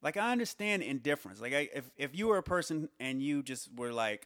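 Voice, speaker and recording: A man giving a casual spoken monologue, reasoning aloud with rhetorical questions and halting restarts. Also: mid-range voice, very animated, a bit bright, dry recording, studio quality. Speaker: commentator on society.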